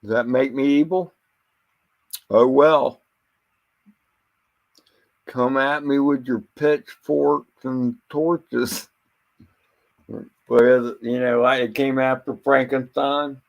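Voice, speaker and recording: A man with a gravelly, creaky voice rambles through an unscripted monologue. He talks bluntly and swears freely, and he keeps stumbling over and repeating words as he goes. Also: medium pitch, steady tone, takes it slowly, long pauses.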